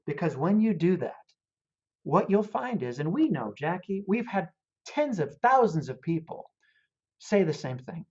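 A man, a guest in a casual interview, telling a story in an animated, earnest way. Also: sits high, measured pace, breathy edge. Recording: dull lo-fi audio.

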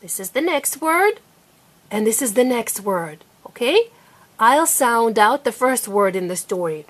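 A woman teaching a child to read at home, speaking slowly and clearly and coaxing him to repeat words. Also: fairly high pitch, sing-song. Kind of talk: patient phonics lesson.

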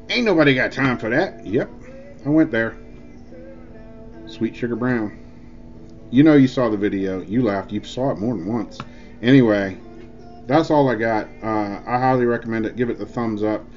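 A man's voice: lowish voice, moderate pace, long pauses, darkish tone. A man rambling through a casual, jokey vlog review, full of filler words. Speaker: e-juice reviewer. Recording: dull lo-fi with faint music.

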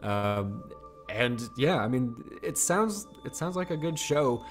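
A man co-hosting a podcast in casual chat, musing aloud in a relaxed way and asking follow-up questions. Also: mid-range voice, slow pace, soft background music. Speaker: podcast co-host.

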